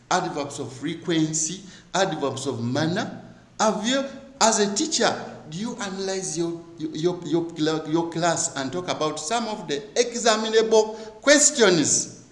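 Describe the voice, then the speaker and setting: A man's voice: high-pitched, roomy sound, rough recording. A male teacher giving an exam review lesson, asking rhetorical questions and repeating key words for emphasis.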